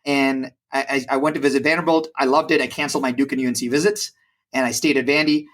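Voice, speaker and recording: A man in his forties from India, a podcast guest telling stories in an animated conversational way, with frequent fillers and restarts. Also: mid-range voice, quick pace. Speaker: podcast guest, brokerage president. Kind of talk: conversational storytelling.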